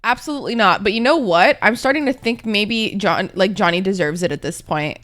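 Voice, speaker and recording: A woman's voice: medium pitch, normal speed, fairly bright tone. A young woman streaming and chatting with her viewers in a casual, dramatic way, swearing freely; she is tired and a little congested.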